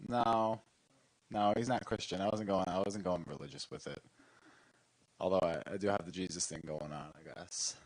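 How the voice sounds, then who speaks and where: A man's voice: low voice, steady tone, rough recording. A man hosting a comedy night, rambling and losing his train of thought between acts. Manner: rambling, slow, self-interrupting. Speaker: comedy show host. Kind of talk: emceeing between comedy sets. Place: comedy club stage.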